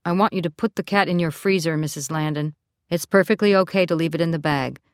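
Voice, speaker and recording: A woman reading the lines of a calm, matter-of-fact male county deputy in an audiobook, in a level, unhurried manner. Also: sits low, clean tone, no room sound, clean studio sound, lightly acted.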